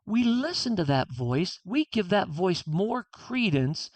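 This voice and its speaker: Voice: mid-range voice, sing-song, slow pace, a little mellow, no echo. A guest author on a podcast interview, talking earnestly and reflectively and acting out inner dialogue.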